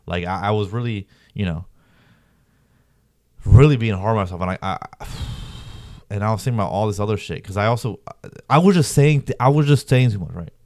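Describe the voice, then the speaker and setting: A man's voice: on the low side, fairly quick, a little mellow, no room sound, clean studio sound. A young man telling a story in a rambling, slangy way, peppered with "bro" and "like". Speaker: vlogger. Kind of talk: casual storytelling.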